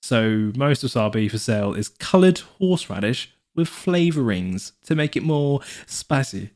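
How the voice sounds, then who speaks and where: A man's voice: mid-range voice, expressive, moderate pace, darkish tone. Rambling, self-correcting man co-host. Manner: rambling, self-correcting, lots of fillers and restarts. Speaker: podcast co-host. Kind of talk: casual chat.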